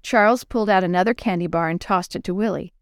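A woman narrating a children's Bible story in a clear, expressive storybook manner. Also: lowish voice, quick pace, dry recording, clean studio sound.

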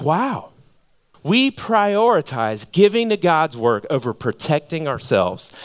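Male pastor, sermon delivery, easygoing slangy manner, lively swooping voice. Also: a little high. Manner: casual and animated, with slang fillers. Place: church sanctuary.

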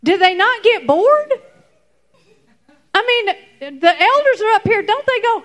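Lady telling kids a bible story, high voice, gets real animated. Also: unhurried. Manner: lively, animated storytelling with fillers. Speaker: children's church teacher.

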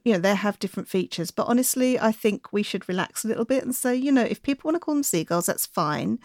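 A woman talking casually as a guest on a podcast, explaining things in a relaxed, friendly way. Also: fairly high pitch, vocal fry, dry recording, clean studio sound. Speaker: bird enthusiast guest.

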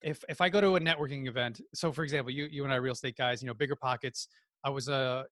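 A man with a New Jersey accent, a podcast guest telling animated stories and acting out quotes in casual chat. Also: mid-range voice, fast talker, no echo, clean studio sound. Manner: animated storyteller, acts out quotes.

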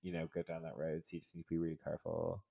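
A man's voice: rumbling low, completely flat delivery, rapid-fire, creaky, mellow. A man co-hosting a podcast in casual chat, rambling and laughing often. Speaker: podcast co-host.

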